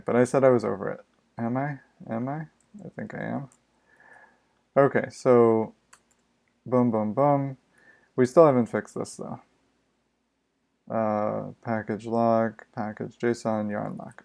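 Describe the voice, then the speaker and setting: Male live-coding streamer, gravelly and unhurried, muttering and grumbling to himself. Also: mid-range voice, darkish tone. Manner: exasperated, muttering to himself, swears freely. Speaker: streaming programmer. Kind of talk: live coding stream, casual thinking aloud.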